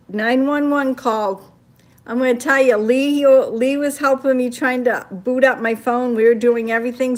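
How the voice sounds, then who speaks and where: An older woman from Maine with a Maine accent, casually chatting on a phone livestream, reading viewer comments and telling stories. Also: fairly high pitch. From Maine, USA. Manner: chatty storytelling, reacting to comments.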